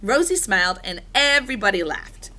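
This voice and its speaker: A woman reading a children's storybook aloud, animated and expressive. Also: medium pitch, normal speed, a little hiss or hum. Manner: animated, doing character voices. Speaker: reader.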